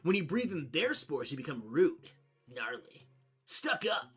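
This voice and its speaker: A streamer reads video game dialogue aloud in full character voice as a laid-back surfer-dude mushroom king, speaking in slangy, excitable, stoked tones. The voice is mid-range, husky and a little slow, with soft music in the background.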